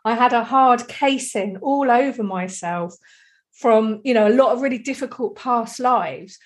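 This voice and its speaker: Woman with a higher pitch, a reflective and meandering talker in a casual chat. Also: unhurried. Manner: reflective, rambling, frequent "you know".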